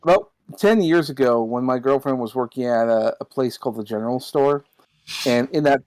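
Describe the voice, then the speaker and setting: A man's voice: medium pitch, moderate pace, a little mellow, dry recording. Male guest, casual chat, rambling storyteller with hiccups, dry mic. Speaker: guest on a stream.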